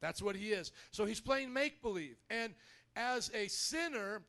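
A man with a notably high voice preaches to his congregation in a church. He talks in an energetic, conversational way, often turning to the crowd with prompts and asides. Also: moderate pace. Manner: energetic, conversational preaching with audience call-outs. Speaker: pastor. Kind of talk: sermon.

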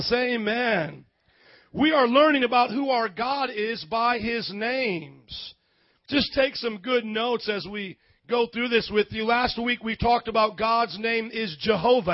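A man preaching a sermon as pastor, energetic and calling on the congregation to respond. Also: very high voice, dry recording, highs cut off.

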